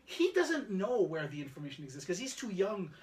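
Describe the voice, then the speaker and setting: A man's voice: sits high, a little fast. A man co-hosting a podcast, telling a family story in casual chat and acting out the lines of the people in it. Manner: animated storyteller, acts out his son's lines. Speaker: podcast co-host.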